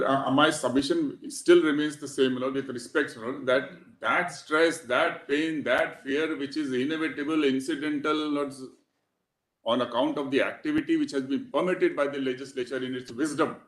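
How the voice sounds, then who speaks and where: A man's voice: fairly high pitch, steady tone, moderate pace. A man arguing a case before judges, deferential and repeatedly addressing the bench as "my lord". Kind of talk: courtroom argument. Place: large courtroom. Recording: roomy courtroom audio.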